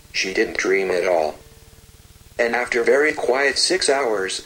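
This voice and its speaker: A man narrating a fairy tale slowly and gently, with repetitive storytelling phrasing. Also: medium pitch, rough recording.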